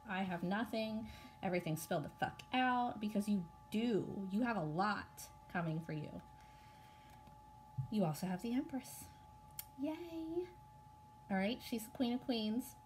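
A woman giving a casual tarot reading to her viewers, excited and blunt, swearing freely as she talks. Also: mid-range voice, slight background noise. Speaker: tarot reader.

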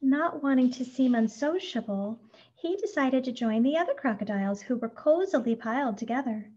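A woman reads a children's picture book aloud with gentle expression. Her voice sits a little high. The recording is dull and lo-fi. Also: lively intonation, moderate pace. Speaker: storyteller. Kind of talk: scripted storybook narration.

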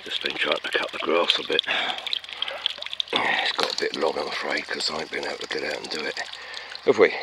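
Low-voiced man chatting by a pond. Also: fairly even intonation, brisk, pauses often, very noisy. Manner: jokey, chatty, talks to a pond frog. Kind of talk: rambling casual chat. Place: garden by a pond, outdoors.

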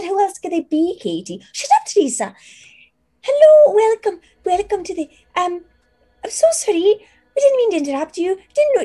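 A woman voicing two chattering, bickering teenage maids in high, squealing voices. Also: mellow.

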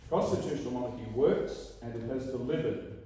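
An older Australian man speaks at a meeting and works dry humor into his anecdotes. His voice is mellow and dark, and it is picked up from a distance in a very echoey hall. A faint hiss sits underneath. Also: mid-range voice, a little fast. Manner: dry wry storytelling, acts out quoted lines. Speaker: guest speaker at an annual meeting. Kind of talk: prepared address with anecdotes.

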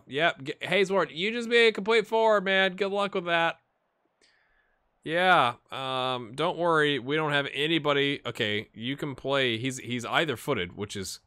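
A man giving casual, amused commentary while playing a football management game, getting excited during the action. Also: medium pitch. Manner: chatty, amused, jumps to excited play-by-play. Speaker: gaming YouTuber. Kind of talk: casual let's-play commentary.

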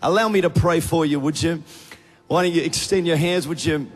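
A man's voice: fairly high pitch, moderate pace, soft background music. A man with an Australian accent, a youth pastor preaching and leading prayer with energy. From Australia (Tasmania). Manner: energetic, rising to fervent prayer. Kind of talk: sermon with prayer. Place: large church auditorium. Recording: big church hall reverb.

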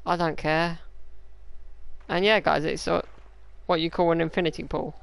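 Playful gamer narrating play. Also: male voice, a little high, normal speed, vocal fry, clear, resonant tone. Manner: playful, excitable, joking. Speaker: gaming YouTuber. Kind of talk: live gameplay commentary.

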